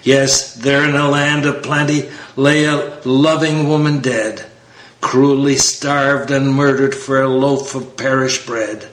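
A man's voice: mid-range voice, fairly even intonation, takes it slowly, fairly bright tone. A man giving a dramatic poetry recitation in a grieving, declamatory manner. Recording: roomy echo.

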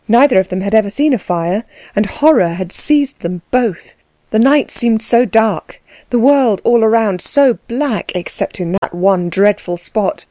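A woman reading a period novel aloud in scripted audiobook narration, measured and expressive. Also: mid-range voice, dry recording.

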